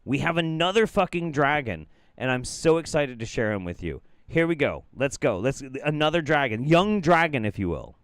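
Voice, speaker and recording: A man's voice: mid-range voice, big pitch swings, moderate pace, hardly any pauses, a bit bright, clear, resonant tone, no echo, studio quality. A man hosting a show of reaction clips, joking in a profane, playful and exaggerated way as he comments. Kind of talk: casual comedic commentary.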